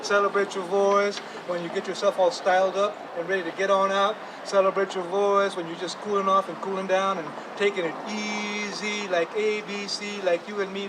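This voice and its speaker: A man's voice: high-pitched, flat delivery, normal speed, few pauses. An older man performing spoken word poetry outdoors, chanting in rhythmic repetition and mixing in Spanish phrases. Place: outdoors downtown street. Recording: distant mic, street noise.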